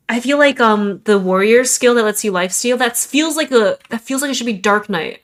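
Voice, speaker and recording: A woman's voice: on the high side, normal speed, a bit bright. A young adult woman streamer chatting casually in a rambling, self-deprecating way.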